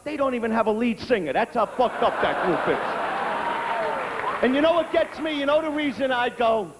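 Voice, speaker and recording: A man doing a profane live stand-up routine, brash and crude, breaking into shouts. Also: very high voice, lively intonation, normal speed, very noisy. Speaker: stand-up comedian. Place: stage before a live audience. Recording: reverberant live venue with crowd.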